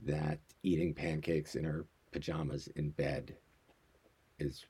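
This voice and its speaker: A middle-aged American man with a very low, husky voice and a mellow, dark tone. He chats casually and playfully as a podcast co-host and laughs easily. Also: level tone, slow. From United States. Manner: laid-back, playful, laughs often. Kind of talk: casual chat.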